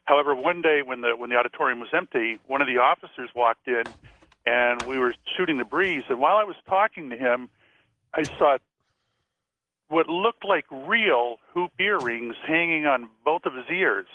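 A man's voice: mid-range voice, moderate pace. Man telling stories over a tinny phone line. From Florida. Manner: chatty, animated storyteller. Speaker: psychic and former police officer, radio guest. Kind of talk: storytelling on a call-in radio show.

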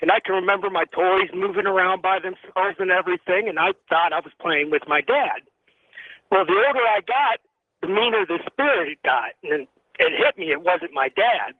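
A man's voice: high voice, lively intonation, normal speed, no room sound. A male caller from Tennessee on a radio phone-in, earnestly telling a ghost story with frequent ums. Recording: tinny phone line.

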